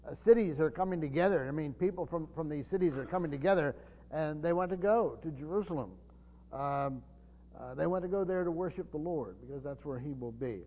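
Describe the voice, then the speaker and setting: A man's voice: a little high, a little fast. A man teaching a Bible sermon as a pastor, earnest and explanatory, with frequent fillers and restarts. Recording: dull long-reverb hall sound.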